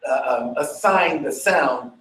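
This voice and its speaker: A man's voice: medium pitch, slow pace, fairly bright tone. A male dance fitness instructor teaching a workshop, chatty, checking in with listeners and vocalizing beats and sounds with energy. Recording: echoey room.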